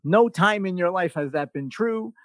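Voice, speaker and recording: Profane, animated male podcast host. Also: sits high, moderate pace, no room sound. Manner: blunt, profane, animated storytelling; sarcastic, mocking asides. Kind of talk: casual podcast chat.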